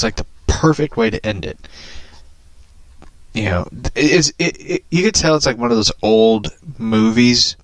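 A man's voice: fairly low pitch, no echo. A man casually rambling about a movie he watched, swearing often and laughing at his own remarks. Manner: animated, profane, laughing often. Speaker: vlogger.

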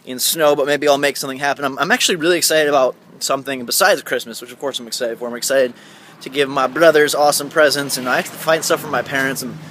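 A man's voice: mid-range voice, fairly even intonation, quick pace, fairly bright tone, slight background noise. A man in his twenties from Indiana chatting casually in a rambling, upbeat vlog, filmed outdoors at night with a handheld camera. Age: 20s. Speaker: vlogger.

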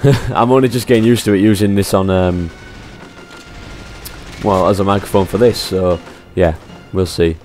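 A man casually commentating his gameplay on a headset mic, chatty and quick to exclaim. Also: low voice, steady tone, darkish tone, faint music behind. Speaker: let's play gamer.

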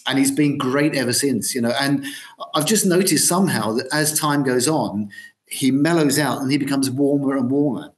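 Man in his sixties, guest guitarist; loose, rambling, full of ums and false starts. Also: mid-range voice. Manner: rambling, many ums and restarts. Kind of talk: casual interview chat.

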